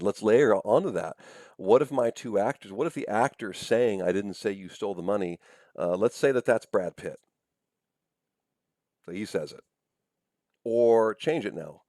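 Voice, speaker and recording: Low-voiced man giving a casual lecture. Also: darkish tone, dry recording, clean studio sound. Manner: conversational, thinks aloud with frequent "right?" and "um". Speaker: professor. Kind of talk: recorded lecture.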